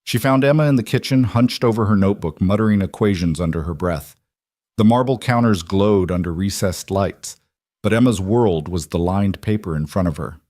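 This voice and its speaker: Steady male storyteller, low-pitched, dry close recording. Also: normal speed, dry recording. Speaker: narrator. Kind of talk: scripted story narration.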